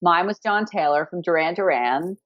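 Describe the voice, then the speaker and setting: A woman's voice: on the low side, normal speed, lo-fi sound. A woman co-hosting a podcast, telling stories in a chatty, teasing way. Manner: chatty, teasing, giggly storyteller. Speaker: podcast co-host. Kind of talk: casual chat.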